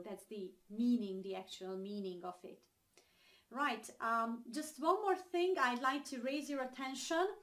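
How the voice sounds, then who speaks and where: A young adult woman with a Hungarian accent teaches English phrases in a chatty online lesson, explaining each one with everyday examples and frequent ums and uhs. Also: a little high.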